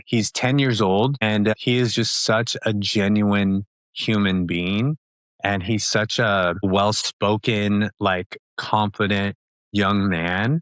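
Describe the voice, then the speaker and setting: A man in his thirties, an upbeat and chatty interview guest who talks quickly with many fillers and laughs. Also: fairly low pitch, a bit bright, no room sound. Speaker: podcast guest. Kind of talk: casual interview talk.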